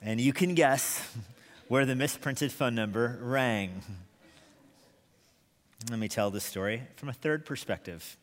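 Man, preacher, sermon storytelling, animated, reverberant church hall. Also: mid-range voice, measured pace, long pauses. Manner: animated storyteller, chuckles often. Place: church sanctuary.

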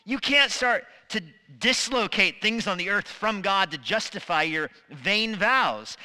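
Guy preaching a sermon, bright forceful voice, long church reverb, acts out little voices. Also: high voice, unhurried, few pauses. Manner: animated, acts out quoted voices. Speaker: pastor. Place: church sanctuary.

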